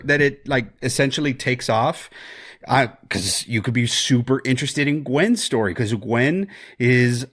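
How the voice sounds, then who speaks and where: A man co-hosting a podcast, talking through a horror film in a rambling, animated way with jokes and swearing. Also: medium pitch, measured pace. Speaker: podcast co-host. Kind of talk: casual film discussion.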